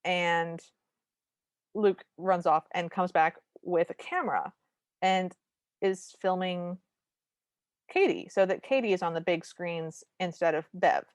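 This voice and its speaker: Low-voiced woman recapping a movie. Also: slow, long pauses, dry recording. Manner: narrates plot beats with dry asides. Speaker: podcast co-host. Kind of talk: casual movie recap chat.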